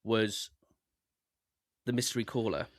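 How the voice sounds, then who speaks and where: A man, co-hosting a podcast, telling a story in a relaxed, rambling way. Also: lowish voice, a little slow, dry recording, studio quality. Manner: breezy, rambling, swears casually. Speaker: podcast co-host. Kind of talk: casual chat telling stories.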